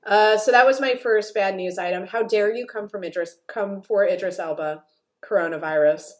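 A woman hosting a podcast in casual chat, animated and swearing in mock outrage. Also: mid-range voice, normal speed. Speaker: podcast host.

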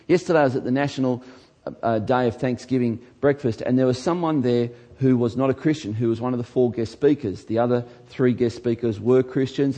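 A man who is a pastor, delivering an emphatic sermon in a church and rising to shouts on key lines. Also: medium pitch.

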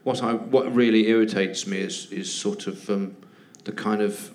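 A man's voice: lowish voice, fairly even intonation, moderate pace, darkish tone. A comedian guest on a live podcast, a man who talks in a hesitant, rambling way with many fillers and a wry, sardonic edge.

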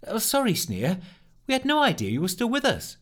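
Imagine a practical storybook young woman, put on by a man in a raised, brisk voice. She is sensible and a little flustered, stumbling a touch when unsure. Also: fairly high pitch, wildly swooping pitch, slightly rough, pitched above the performer's own voice, full character voice.

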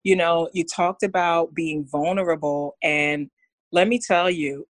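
A woman's voice: on the low side, fairly even intonation, unhurried, no room sound. A woman speaking as a guest on a podcast, earnest and candid about her own fears. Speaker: podcast guest, women's coach. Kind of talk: candid heartfelt interview talk.

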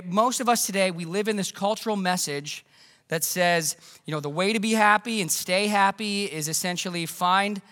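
A man's voice: high-pitched, fairly bright tone, big-room sound. A man in his thirties preaching a sermon as pastor, earnest and conversational, often restarting his sentences, recorded in a church sanctuary.

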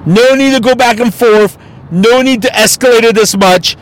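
Podcast host, male, high voice, blunt and profane opinion monologue. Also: moderate pace, slight background noise, poor audio.

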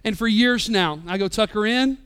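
High, bright, impassioned preaching man. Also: normal speed, clean tone. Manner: impassioned, swings between loud and soft. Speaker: pastor. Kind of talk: sermon. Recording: live church sermon podcast.

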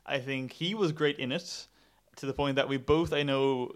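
A man's voice: medium pitch, fairly even intonation, moderate pace. A male film critic chatting casually about a film, with dry, sardonic comments. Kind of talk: casual film review chat.

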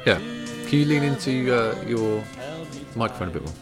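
A man's voice: mid-range voice, animated, normal speed, over loud music. A man hosting a podcast, chatting casually with dry, self-mocking humour and frequent laughter. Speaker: podcast host.

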